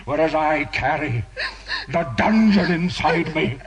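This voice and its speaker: An actor playing a tormented, obsessive priest in a radio drama, pleading and anguished, swinging between hushed murmurs and shouts. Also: male voice, on the high side, slow, soft background music, poor audio. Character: tormented obsessive male priest, middle-aged.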